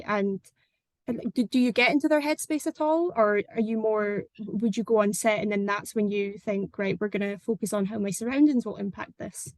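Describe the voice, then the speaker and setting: A woman's voice: medium pitch, no echo. A woman hosting a podcast interview, asking long, carefully built questions.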